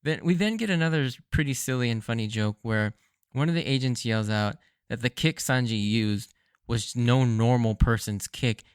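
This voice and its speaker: A man hosting a solo podcast, recapping anime episodes in a casual, excited way, often laughing and saying "like.". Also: medium pitch, moderate pace, clean tone, dry recording, studio quality. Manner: casual, filler-heavy with frequent "like". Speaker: podcast host. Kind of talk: solo rewatch commentary.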